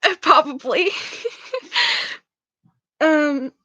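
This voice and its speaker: A woman's voice: high-pitched, extremely slow, pushed and bright, no room sound, highs cut off. A young woman reading a novel aloud for a book club, stumbling over words and making casual remarks about her reading.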